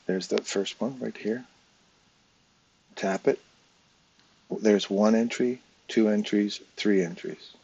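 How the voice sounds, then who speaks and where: A man's voice: on the low side, steady tone, slow pace, vocal fry, long pauses, a little mellow, husky, muffled recording. An English man with a casual, chatty manner, talking viewers through a trading chart live, step by step. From England. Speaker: trading educator.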